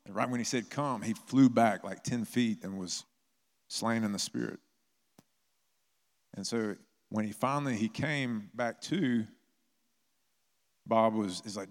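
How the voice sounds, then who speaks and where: A man's voice: fairly low pitch, moderate pace, long pauses. A man preaching a sermon as a pastor, telling stories in a conversational way. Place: church. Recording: long reverb of a church hall.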